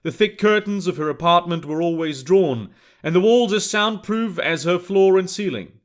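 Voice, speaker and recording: A man narrating an alternate-history story in a steady, matter-of-fact reading. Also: sits high, moderate pace.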